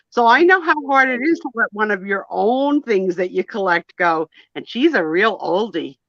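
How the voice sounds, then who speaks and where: A woman's voice: on the high side, pushed and bright, no room sound. Chatty woman with a slightly dull sound. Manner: chatty, jokey, self-mocking. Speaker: co-host of a live vintage sale. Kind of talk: casual chat. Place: home, selling vintage items on a live stream.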